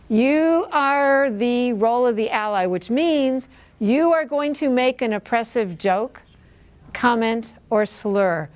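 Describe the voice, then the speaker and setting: Female workshop leader giving instructions. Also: on the high side. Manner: clear, instructive.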